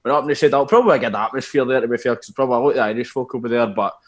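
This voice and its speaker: A young man with a Scottish accent, co-hosting a casual podcast and telling animated football anecdotes, laughing as he goes. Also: mid-range voice, rapid-fire. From Scotland. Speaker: podcast co-host. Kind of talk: casual storytelling chat.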